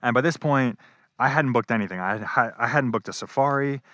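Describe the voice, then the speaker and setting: A man's voice: medium pitch, brisk, pushed and bright, no echo. A young man telling a casual travel vlog story, rambling and swearing freely, with lots of "like" and "um". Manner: rambling, profane, full of fillers. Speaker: travel vlogger. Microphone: wireless clip-on mic.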